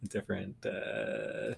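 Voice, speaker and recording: A man's voice: low-pitched, wildly swooping pitch, very slow, vocal fry, noisy background. A man co-hosting a podcast in casual chat, playful and joking, laughing often. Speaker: podcast co-host.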